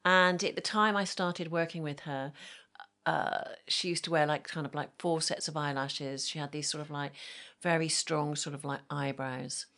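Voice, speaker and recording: A woman's voice: low voice, fairly even intonation, moderate pace, a bit bright. A woman make-up artist, chatting as an interview guest and acting out the voices of people in her stories. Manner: chatty storyteller, acts out quoted voices, many fillers. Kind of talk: casual interview chat.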